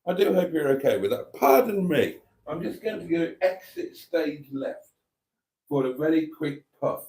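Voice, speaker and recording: Man, camp and theatrical, casual live chat host, expressive swooping pitch. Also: moderate pace. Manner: camp, theatrical, calls viewers darlings. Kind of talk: casual live chat, reading viewer comments.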